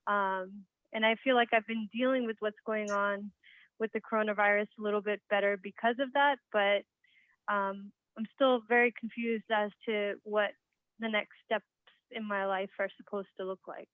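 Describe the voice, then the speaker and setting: A woman calling in to a radio show, excited and hesitant, with many pauses and ums. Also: medium pitch, no room sound. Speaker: caller. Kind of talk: call-in conversation. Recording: dry tinny phone line.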